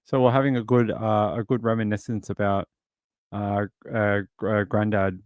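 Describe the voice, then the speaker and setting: A man's voice: lowish voice, flat delivery, normal speed, no room sound, highs cut off. An Australian man hosting a livestream, chatting casually and rambling through stories while answering viewers. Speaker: livestream host.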